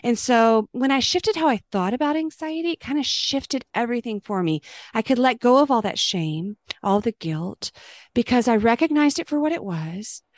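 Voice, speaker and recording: A woman's voice: on the high side, animated, normal speed, no echo, studio quality. Earnest middle-aged woman sharing her faith. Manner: earnest and gentle, dropping to a soft hush on prayers. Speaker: Christian speaker sharing her testimony. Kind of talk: personal faith testimony.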